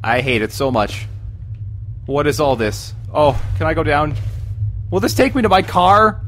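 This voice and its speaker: A man's voice: a little high, a little slow, a bit bright, soft background music. A man hosting a let's play of a horror game, jumpy and exclaiming, talking to his viewers as folks.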